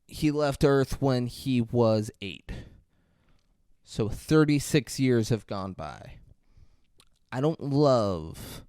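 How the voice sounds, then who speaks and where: A man co-hosting a podcast in casual chat, telling stories in an animated, profane way. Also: medium pitch, drawn-out words, clean tone, no echo, clean studio sound. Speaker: podcast co-host.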